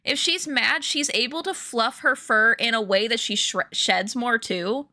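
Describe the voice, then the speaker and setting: A young woman chats with her viewers while streaming from her home room, telling rambling stories packed with fillers and laughs. Her voice is on the high side, bright and forceful, delivered at a measured pace. The sound is dry and clean, like a studio recording.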